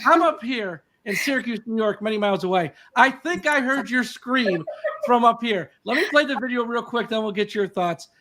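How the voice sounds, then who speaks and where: A man hosting a podcast, hoarse and voice cracking from a cold, upbeat and chatty with his guests. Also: extremely high pitch, lively intonation, moderate pace, noisy background. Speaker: podcast host. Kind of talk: casual interview chat.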